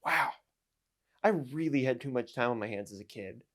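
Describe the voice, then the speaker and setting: A man's voice: medium pitch, animated, normal speed, fairly bright tone. Dude in his 20s ranting at the camera, jokey and self-mocking, all over the place. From United States. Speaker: YouTuber and streamer. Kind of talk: casual vlog rant to camera.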